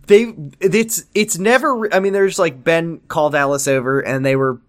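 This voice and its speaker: Young man, casual chat, joking, lively, slightly high voice. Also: moderate pace. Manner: animated, jokey, laughs often. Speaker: podcast co-host. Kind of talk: casual chat recapping a TV episode.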